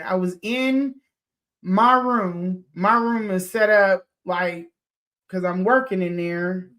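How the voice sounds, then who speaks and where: A woman in her forties hosting a podcast, telling a personal story in a loose, animated way, swearing freely and acting out what people said. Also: mid-range voice. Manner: animated, swears freely, laughs, acts out quotes. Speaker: podcast host. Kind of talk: casual storytelling to listeners.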